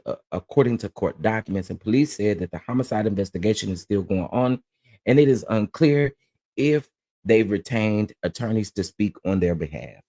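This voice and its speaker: A man's voice: on the low side, warm tone. A man hosting a live-stream commentary, reading news reports with fillers and then ranting in casual slang. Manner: reads reports with fillers, then rants with rising heat; uses southern Black American slang like y'all, honey, child. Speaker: commentary host.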